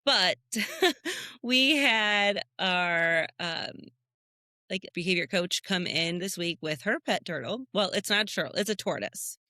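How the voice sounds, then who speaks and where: A woman from the United States, co-hosting a podcast, telling animated stories in a casual chat and jumping up high when she quotes people. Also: a little slow, no echo, clean studio sound. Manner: animated storyteller who jumps high when quoting people. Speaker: podcast co-host.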